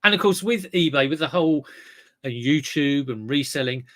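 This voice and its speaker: A man's voice: on the high side, animated, normal speed, a bit bright. A man hosting a casual livestream, reading chat comments and rambling with lots of restarts and fillers. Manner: rambling, self-correcting, chatty.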